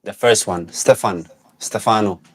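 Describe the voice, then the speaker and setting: A man's voice: on the low side, unhurried, husky. A man co-hosting a podcast, chatting casually with short, teasing replies. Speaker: podcast co-host. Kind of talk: casual chat.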